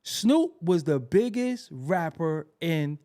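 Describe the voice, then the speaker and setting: A man hosting a podcast, telling music history stories in a casual, animated way and repeating himself for emphasis. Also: on the high side, slow pace. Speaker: podcast host.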